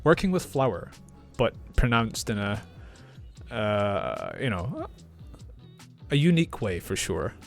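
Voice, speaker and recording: A man, an English teacher explaining clearly and repeating words for learners. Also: fairly low pitch, huge pitch swings, slow, pauses often, soft background music. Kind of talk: reaction video lesson.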